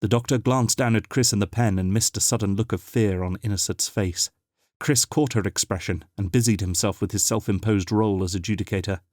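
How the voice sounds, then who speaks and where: A man narrating an audiobook in a measured, dramatic storytelling manner. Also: lowish voice, a little mellow, dry recording, studio quality.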